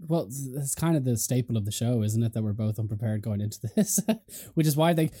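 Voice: mid-range voice, brisk, dark tone, dry recording, studio quality. A podcast host chatting casually with a co-host, laughing often and swearing offhandedly, wearing headphones. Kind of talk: casual chat.

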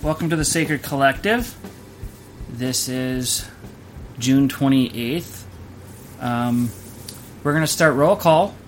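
A man's voice: mid-range voice, slow, pauses often, faint music behind. Joking man hosting a casual podcast. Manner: rambling, joking, loose restarts. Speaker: podcast host. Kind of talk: casual chat.

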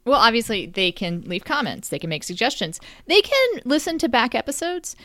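A middle-aged woman co-hosting a casual podcast, her pitch swooping up and down as she teases her co-host with wry, deadpan asides. Her voice is close and dry, with no room sound around it. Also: normal speed, no room sound. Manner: wry, deadpan humor with playful rhetorical questions.

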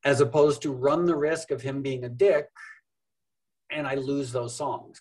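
A man's voice: medium pitch, a little mellow, slightly rough, poor audio. A middle-aged man, a musician guest on a podcast, talking in a wry, thoughtful, rambling way with self-deprecating humor. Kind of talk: casual interview conversation.

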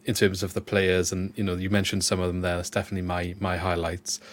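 A man's voice: low-pitched, completely flat delivery, fast. A man interviewing a guest in a casual, supportive, chatty way.

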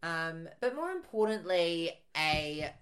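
A man's voice: on the high side, very animated, takes it slowly, fairly bright tone. A man co-hosting a podcast in casual chat, playful and teasing. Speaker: podcast co-host.

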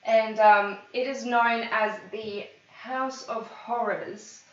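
A woman's voice: fairly high pitch, fairly even intonation, slow, a little hiss or hum. A woman hosting a casual true-crime podcast, chatty and often stumbling over names. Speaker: podcast host. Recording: echoey room, far from mic, dull lo-fi sound.

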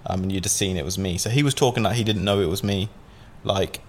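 A man from Southampton telling a long personal story as a podcast guest. His voice sits slightly low, and he talks in a loose, rambling way, full of fillers and casual swearing. A faint hum of ambience sits behind him. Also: quick pace. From Southampton, England.

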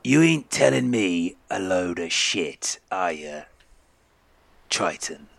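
A man's voice: low voice, sing-song, slow, gravelly, heavily acted. A man voicing a stern pirate captain who questions a stranger with open distrust. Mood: menacing. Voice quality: blunt, threatening.

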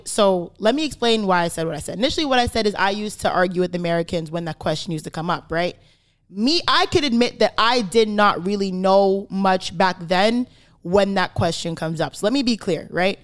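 A woman's voice: medium pitch, animated, moderate pace, a bit bright. A woman from Canada hosting a podcast, explaining her point in casual chat and checking in with "right?". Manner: emphatic, explaining with repeated "right?". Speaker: podcast host.

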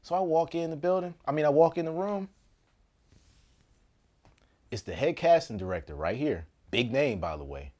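Animated storyteller man, lively swooping pitch. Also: normal speed, long pauses. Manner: animated, laughs often, jumps between loud bursts and hushed asides. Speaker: actor. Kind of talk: casual comedic storytelling.

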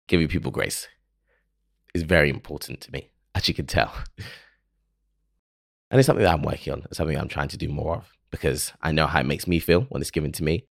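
A man's voice: extremely low pitch, vocal fry, slightly rough, no echo, studio quality. A man hosting a podcast, speaking alone in an earnest, reflective and openly emotional way. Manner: earnest, emotional, self-questioning. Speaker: podcast host. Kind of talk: reflective solo monologue.

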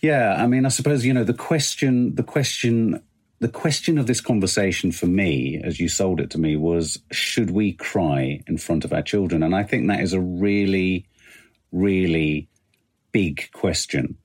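A man's voice: low voice, unhurried, slightly rough. A middle-aged British man co-hosting a podcast, musing thoughtfully in casual chat. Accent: British English. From Britain. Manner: thoughtful, musing, with many fillers. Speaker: podcast co-host.

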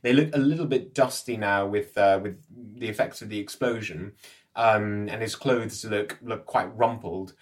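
A man narrating as game master of a tabletop game, halting with frequent fillers. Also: on the low side. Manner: hesitant, with fillers and restarts.

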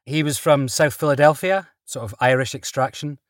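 Man, actor guest, chatty storyteller, laughs often, mid-pitched voice, dry close recording. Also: steady tone, moderate pace, dry recording. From Britain. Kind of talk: relaxed interview storytelling.

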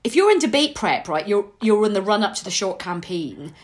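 A woman's voice: medium pitch, fairly quick. A woman in casual chat, telling stories with lots of laughter and shrieks when amused. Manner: animated storyteller, laughs often, squeals when amused. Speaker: podcast guest.

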